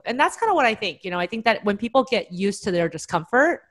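A woman from Taiwan, a psychologist guest answering interview questions in a calm, explanatory and reflective way. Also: medium pitch, fast.

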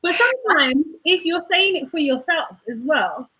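A woman co-hosting a casual podcast, answering back in quick, defensive interjections. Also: very high voice, sing-song, pushed and bright, rough recording. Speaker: podcast co-host. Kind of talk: casual chat.

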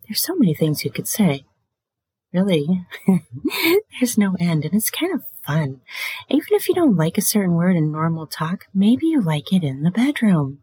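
A woman hosting a sex and relationship advice show in a casual monologue, blunt and full of swearing, often laughing and slipping into breathy whispers. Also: on the low side, big pitch swings, normal speed, warm tone, no room sound.

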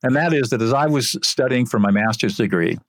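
An older man, an interview guest, telling a story from his work in an earnest, animated way. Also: medium pitch, a little fast, dry recording, clean studio sound.

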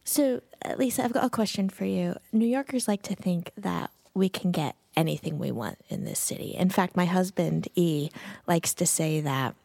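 A woman co-hosting a food podcast, telling stories in a lively, casual way. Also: fairly low pitch, moderate pace, gravelly, dry recording. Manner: storytelling, animated. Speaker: podcast co-host, magazine editor.

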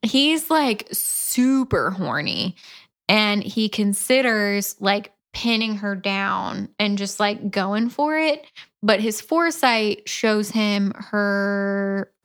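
A woman co-hosting a chatty podcast, walking through a book's plot at an unhurried, drawn-out pace. Her delivery is dry and deadpan, with casual swearing tossed into her asides. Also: medium pitch, clear, resonant tone. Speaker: podcast co-host. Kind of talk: casual chat, retelling a book plot.

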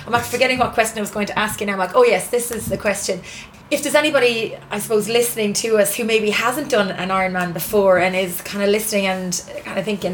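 A woman hosting a casual interview in a relaxed, chatty way, outdoors by the sea. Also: mid-range voice, fast talker, slight background noise, rough recording.

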